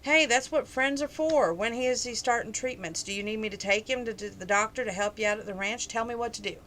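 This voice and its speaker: A woman's voice: a little high, brisk, fairly bright tone, slight background noise, close to an everyday voice. A woman reading aloud as a young cowboy, speaking in a soothing, reassuring way. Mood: concerned. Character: steady young cowboy, gentle and comforting.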